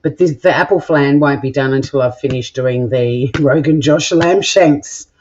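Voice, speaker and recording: A woman's voice: rumbling low, normal speed, darkish tone, lo-fi sound, a little hiss or hum. A woman chatting casually through a cooking vlog in her home kitchen, rambling and self-deprecating as she goes. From Australia. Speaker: cooking vlogger.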